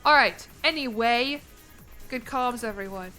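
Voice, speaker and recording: A woman's voice: a little high, a little slow, sharp tone, soft background music. A young American woman streaming a game, chatting casually with her viewers in a playful, rambling way. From United States. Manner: rambling, playful, laughs between lines.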